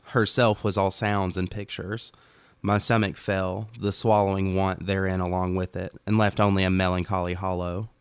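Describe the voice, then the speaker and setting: Male author-narrator, low and resonant, calm first-person audiobook read, dry studio sound. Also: normal speed, clear, resonant tone, no echo. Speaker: author reading own story.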